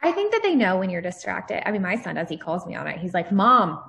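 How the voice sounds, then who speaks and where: A woman's voice: on the low side, wildly swooping pitch, fast, creaky, a little hiss or hum. A woman in her thirties, a guest on a podcast, chatting casually and laughing at herself. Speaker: guest, author. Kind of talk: casual chat.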